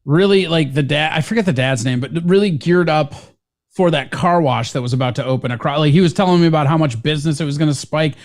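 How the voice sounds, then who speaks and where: A man co-hosts a casual show. He tells loose, rambling stories and swears often. His voice sits a bit high. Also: fast. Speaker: co-host. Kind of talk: casual radio show banter.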